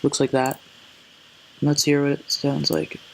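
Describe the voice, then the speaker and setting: A man giving a casual music production tutorial, relaxed and hesitant, often correcting himself as he goes. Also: fairly high pitch, a little slow, vocal fry, heavy background noise. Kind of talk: casual screen-recorded tutorial. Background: faint synth sounds.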